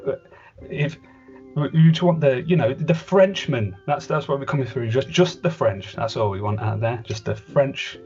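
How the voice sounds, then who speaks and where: A man's voice: medium pitch, moderate pace, darkish tone. A man hosting a podcast, rambling through a comedy sketch as a fumbling voice director, with lots of restarts. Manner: rambling, hesitant, with many restarts. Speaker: podcast host. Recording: dull lo-fi podcast audio with faint music.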